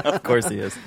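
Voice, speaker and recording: A man's voice: mid-range voice, gravelly. A man co-hosting a podcast, chatting casually, laughing and reacting in disbelief. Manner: laughing, incredulous. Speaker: podcast co-host. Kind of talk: casual chat.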